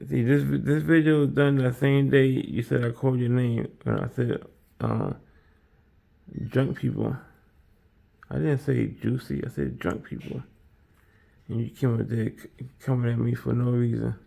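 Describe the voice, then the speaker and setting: Streaming himself baking at home, this man chats loosely with his viewers, rambling and circling back to the same points again and again. He talks at a normal speed in a steady, medium-pitched voice that's gravelly yet warm.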